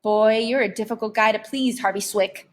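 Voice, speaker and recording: A woman's voice: mid-range voice, fairly even intonation, moderate pace, natural voice. A woman voicing a sly, pushy male tempter in an audiobook, coaxing like a salesman. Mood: wheedling. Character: sly fast-talking male tempter, wheedling and cocky.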